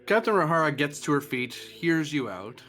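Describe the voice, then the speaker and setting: A man's voice: a little high, big pitch swings, fairly bright tone, soft background music. A man running a sci-fi tabletop game as game master, narrating scenes and rulings with frequent "uh" fillers and laughs. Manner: laughs often, fills pauses with uh. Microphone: streaming mic.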